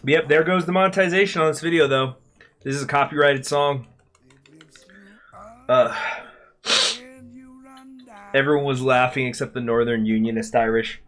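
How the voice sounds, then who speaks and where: A man hosting a gameplay video who rambles to his viewers in a loose, chatty way. He swears casually as he goes and keeps a relaxed, unscripted commentary style. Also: medium pitch, moderate pace, pauses often. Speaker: gaming channel host.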